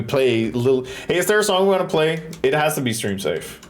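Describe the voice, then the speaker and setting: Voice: mid-range voice, very animated, a little fast, few pauses, faint music behind. A streamer chatting on a live stream while building a stage, swearing freely and making goofy sound effects.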